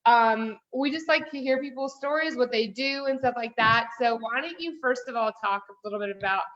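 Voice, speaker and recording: A woman's voice: on the high side, brisk, fairly bright tone. A woman hosting a casual interview, enthusiastic and upbeat as she asks her guests questions. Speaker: interview host. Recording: dull lo-fi audio with faint noise.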